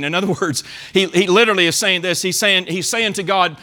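A man's voice: on the high side, a little fast, hardly any pauses, bright, forceful tone. A man preaching a sermon in church, earnestly acting out the psalmist's pleas. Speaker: pastor.

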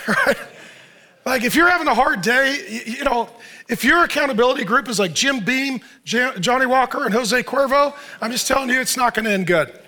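In a loose, conversational sermon, a middle-aged male pastor fires rhetorical questions at his listeners and acts out what people might say. His high voice sounds bright and forward, and he talks a little fast.

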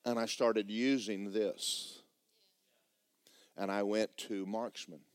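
A man preaching a sermon, telling stories in an animated, repetitive way. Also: fairly low pitch, slow pace, clean tone, no room sound.

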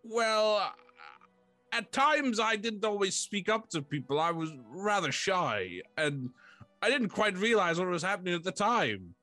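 A man's voice: high-pitched, very animated, measured pace, sharp tone, dry recording, faint music behind, pitched above the performer's own voice, heavily acted. A man voicing a shy, lonely talking fort. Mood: wistful. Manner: genteel, old-fashioned, stammering.

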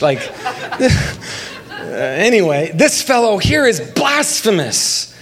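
A young man, a pastor, preaching a lively sermon with jokes and calls for the congregation to join in. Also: on the high side, unhurried, pauses often. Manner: lively, joking, talks with the congregation.

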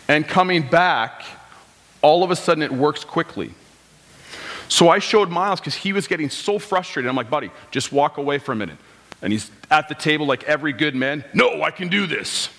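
A man's voice: fairly high pitch, bright, forceful tone. A man in his thirties preaching a conversational sermon in a church, with rhetorical questions and quoted lines of his congregation. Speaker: pastor. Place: church sanctuary. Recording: long hall reverb.

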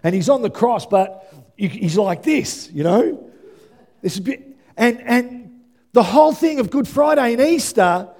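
A male pastor preaching an animated sermon, rising to shouts at the peaks and dropping into quick asides. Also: extremely high pitch.

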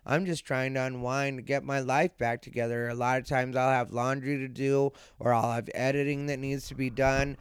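A drowsy man hosting a solo podcast late at night, thinking aloud in an easygoing, rambling way. His voice is very clean and smooth, with a slight lisp. The sound is close and dry, with no room echo. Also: mid-range voice, level tone, moderate pace, few pauses. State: sleepy, yawning late at night. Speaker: podcast host and comedian. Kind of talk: casual solo podcast monologue. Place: dark room at home, lying beside his dog.

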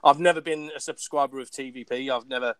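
A young man with an English accent, animated and quick to laugh, chatting casually as a guest and poking fun at his own common way of speaking. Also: medium pitch, dry recording. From England. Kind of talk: casual chat.

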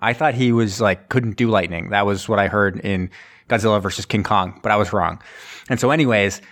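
A man giving a rambling, profane movie recap on a podcast, acting out characters in quick voices. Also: fairly low pitch, fairly bright tone. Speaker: podcast co-host. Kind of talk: rapid casual movie recap.

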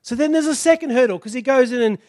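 A male preacher with a high-set voice retells a story with animated delivery. He swings between hushed asides and loud emphasis, acting out the people in it. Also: quick pace, no echo, studio quality. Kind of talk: sermon.

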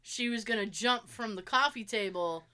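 A woman in her forties co-hosting a casual chat show, telling animated family stories with plenty of swearing and acted-out quotes. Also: a little high, normal speed, clean tone. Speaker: podcast co-host.

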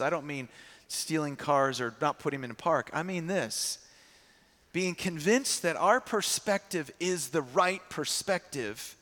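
Male preacher, high voice, storytelling sermon, echoing hall. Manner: animated storyteller acting out quotes. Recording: long hall reverb.

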